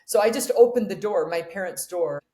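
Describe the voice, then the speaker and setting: A woman's voice: medium pitch, a little fast, dark tone. A woman in her forties, a podcast guest, telling a personal story with earnest emotion and acted-out dialogue. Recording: echoey room.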